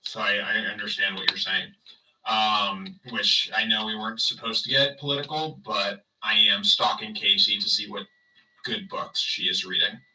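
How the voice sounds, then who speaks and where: Sarcastic rambling man with a bright voice. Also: on the low side, fairly even intonation, normal speed, distant mic, slight background noise, poor audio. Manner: rambling, sarcastic, talks to chat. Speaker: livestreamer. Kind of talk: casual livestream chat.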